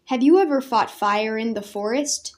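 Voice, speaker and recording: A woman voicing a stern male ranger commander who scolds in a grave, measured way. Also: a little high, darkish tone, close to an everyday voice. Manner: solemn, measured reproach.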